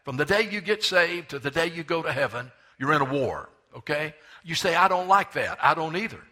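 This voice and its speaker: A man in his seventies preaching a sermon as pastor, emphatic and slowing down to stress the scripture he reads. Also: on the high side, expressive, sharp tone. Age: 70s.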